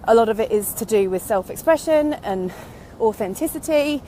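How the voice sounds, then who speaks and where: A woman in her thirties who runs an online business vlog talks through a casual, reflective monologue while walking outdoors, a little out of breath. Her fairly high, mellow voice is animated and moves at a moderate pace as she rambles candidly and drifts into tangents. There is slight background noise.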